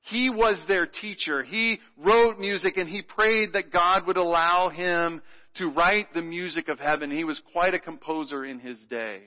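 A man's voice: sits high, unhurried. Man preaching in a reverberant church. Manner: playful, leads congregation in call-and-response. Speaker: pastor. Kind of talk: sermon. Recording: muffled sound with long hall reverb.

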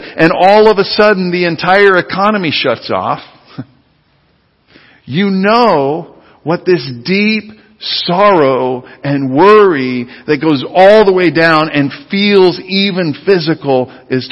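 A man preaching a sermon as pastor. He is emphatic and leads the congregation in repeating words, then sinks to low, quiet tones on key phrases. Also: in a large hall, poor audio. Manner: leads the congregation in call-and-response repetition.

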